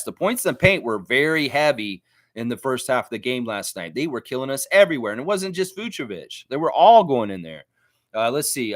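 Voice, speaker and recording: A man's voice: medium pitch, a bit bright, no echo, studio quality. A man hosting a casual sports reaction livestream, reading viewer comments aloud and answering them in a blunt, profane way. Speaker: livestream host reading chat.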